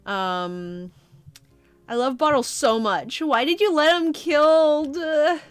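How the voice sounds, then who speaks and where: A woman's voice: high-pitched, slow, no echo, soft background music. A young woman streaming as she reads a comic aloud, chatting casually with her viewers and using lots of fillers. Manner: chatty, relaxed, many fillers. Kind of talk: casual livestream chat.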